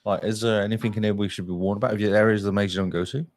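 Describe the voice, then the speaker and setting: A man's voice: lowish voice, steady tone, rapid-fire, no room sound. A man playing a tabletop role-playing game, asking questions in a casual, playful way. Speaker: player. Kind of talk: tabletop role-play as a player.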